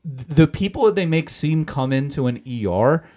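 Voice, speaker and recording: A man's voice: fairly high pitch, expressive, normal speed, dark tone. Ranting male podcast co-host. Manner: ranting, swearing, full of fillers. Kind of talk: casual chat.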